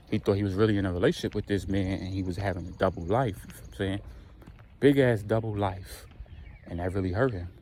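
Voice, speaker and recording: A man casually retelling a dramatic story in slangy, animated speech. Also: fairly low pitch, slight background noise.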